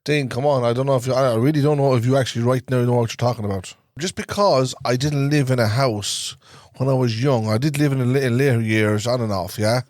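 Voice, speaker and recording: Irish man, podcast co-host, rapid speech, defensive tone, dry close recording. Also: medium pitch, darkish tone, dry recording. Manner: insistent, defensive. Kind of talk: casual chat.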